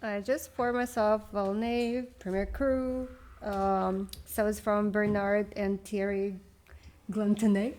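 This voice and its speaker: A woman on a wine panel, speaking unhurried with fillers. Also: mid-range voice, flat delivery, a little mellow. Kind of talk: casual panel chat.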